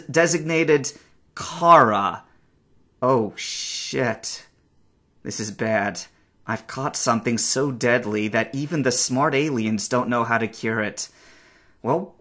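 Man voicing a stranded survivor, husky, slow-talking, swings up and down in pitch. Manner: talks to himself, halting, rising to panicked shouts. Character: stranded male space survivor, anxious and curious. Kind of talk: acted game narration.

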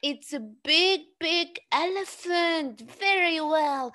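High sing-song woman teaching little kids. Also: big pitch swings, fairly bright tone. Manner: exaggerated, cheerful, slow and clearly spoken for young learners. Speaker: English teacher for young children. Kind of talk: sing-song lesson talk to small children.

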